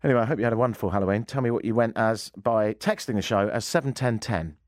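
A man's voice: fairly low pitch, fast talker, no room sound. A man hosting a comedic talk radio show, telling rambling self-deprecating anecdotes on a studio mic. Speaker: radio host. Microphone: studio microphone.

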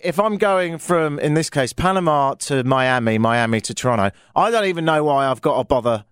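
A British man holds forth on a talk radio show, spinning a rambling story full of wry, exasperated asides. His voice sits a little high and swings widely in pitch. The studio sound is close and dry. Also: dry recording.

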